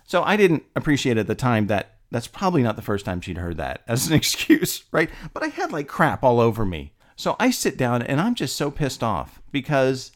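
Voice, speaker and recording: A man casually telling a personal story, animated and laughing often, his voice rising as he gets indignant. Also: mid-range voice, moderate pace, hardly any pauses.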